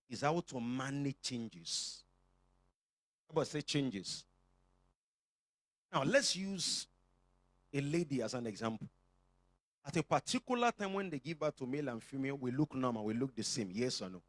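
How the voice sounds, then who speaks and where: A man's voice: medium pitch, big pitch swings, moderate pace, pauses often, no room sound. A male pastor with a Nigerian accent preaching a sermon to his church, joking and calling for responses from the congregation.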